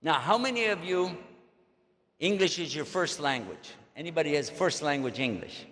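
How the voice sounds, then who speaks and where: Older man, Texan drawl, folksy joking storyteller, slightly high voice, long hall reverb. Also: lively intonation, normal speed, a bit bright, a little hiss or hum. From Texas. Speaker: Islamic preacher. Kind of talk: storytelling lecture to an audience. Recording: long echo of a large hall.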